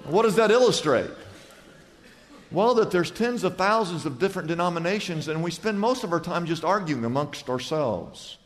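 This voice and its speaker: High-voiced pastor preaching in a reverberant hall. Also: male voice, moderate pace, a little hiss or hum. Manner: animated storytelling, acts out characters in a joke. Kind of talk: sermon. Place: church hall before a congregation. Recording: long reverb of a church hall.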